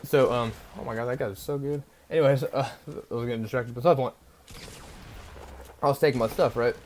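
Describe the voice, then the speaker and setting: A man's voice: mid-range voice, fairly even intonation, a little fast, darkish tone, a little hiss or hum. A young man casually telling a rambling story on his vlog, full of fillers and tag questions. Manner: rambling, filler-heavy, keeps asking "right?". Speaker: vlogger.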